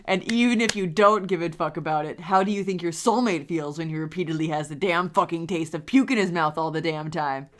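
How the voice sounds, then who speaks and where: A woman's voice: on the low side, brisk, few pauses. A woman co-hosting a comedic fanfiction reading, laughing often and swearing casually between lines. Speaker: fanfiction reader, co-host.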